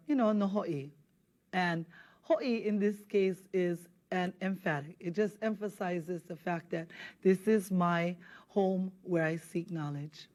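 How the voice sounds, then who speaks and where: A woman's voice: mid-range voice, a little mellow. Patient woman teaching a language. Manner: patient, drills words slowly for repetition. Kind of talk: televised language lesson.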